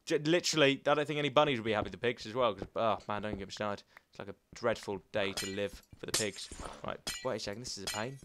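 A young man commenting as he plays a video game, chatty and excitable, talking to the animals in the game. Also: lowish voice, fast, slight background noise. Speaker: gaming commentator. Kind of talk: playing a game with live commentary.

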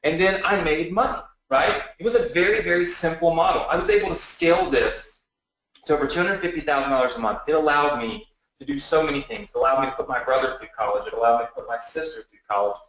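An earnest man in his early thirties tells his rise-from-nothing business story as a motivational pitch, often asking listeners to agree. His voice sits slightly high. It rings out in a very echoey room. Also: fast, fairly bright tone. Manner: earnest storytelling, often asks the audience for a yes. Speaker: online business presenter.

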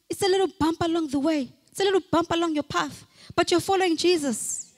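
High-voiced woman preaching in an echoing church. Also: fast talker. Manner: fervent, calls out repeated hallelujahs and has the congregation repeat declarations. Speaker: pastor. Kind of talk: sermon. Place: church hall. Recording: long hall reverb from a church.

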